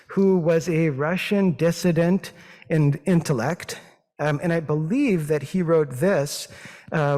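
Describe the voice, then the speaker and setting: A man with a Midwestern accent, a physician giving a thoughtful, modest talk with slides, pausing often with fillers. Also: on the high side, a little mellow. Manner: thoughtful, hesitant, with many fillers; modest and self-deprecating. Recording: long reverb of a hall.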